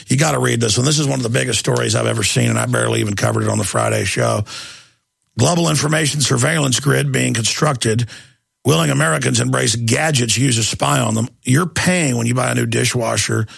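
An intense male radio host rants in a combative monologue. His gravelly voice has a heavy rasp and a husky, rough edge. The sound is dry and close, with no room echo. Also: medium pitch, fairly quick, fairly bright tone. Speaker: radio talk show host.

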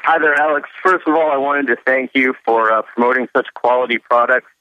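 Male caller, earnest, mid pitch, steady, phoning in to radio. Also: fairly quick, lo-fi sound, a little hiss or hum. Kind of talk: phone-in call.

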